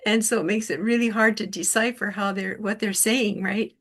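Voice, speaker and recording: A woman hosts a casual talk recorded over an online call. She tells stories in an easy, chatty way at a middling pitch. She laughs often as she talks. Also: fairly even intonation, normal speed, a bit bright. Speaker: host.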